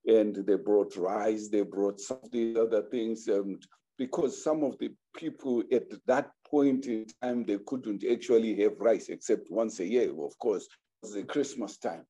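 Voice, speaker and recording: A man's voice: lowish voice, unhurried, dark tone. A man telling a folk tale aloud, acting out the characters with animation. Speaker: storyteller. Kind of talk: oral folk storytelling.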